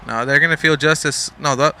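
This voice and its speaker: A man's voice: a little high, steady tone, fairly quick, sharp tone, a little hiss or hum. A young man casually commentating a wrestling video game, rambling, joking and swearing, a bit sleepy. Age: young adult. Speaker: gameplay commentator.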